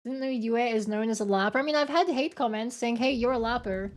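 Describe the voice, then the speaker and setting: An Australian woman streams while gaming, casually reading out viewer comments in a giggly, rambling way full of restarts and fillers. Her voice is on the high side and a little fast.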